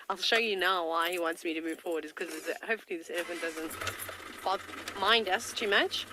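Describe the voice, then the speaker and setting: A woman safari field guide with a fairly low voice speaks briskly over a noisy background, giving live commentary from a game-drive vehicle. She's chatty and enthusiastic, talks to kids, and has a tickle in her throat.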